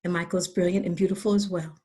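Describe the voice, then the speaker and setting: A woman's voice: on the low side, fairly even intonation, fast talker, mellow. A woman hosting a poetry reading, introducing the next poet in a friendly, admiring way. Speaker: event host. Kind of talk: casual introductions.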